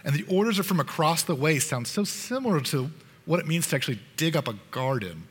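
A man's voice: a little high, very animated, fairly quick, husky. Guy preaching a story-sermon, earnest, restarts a lot, big echoey hall. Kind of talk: sermon narrating a parable in second person.

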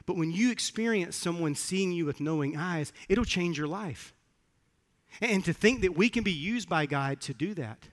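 A man's voice: on the high side, long reverb tail. A man preaching a sermon as pastor, telling a personal story in an earnest way and repeating words when moved. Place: church sanctuary.

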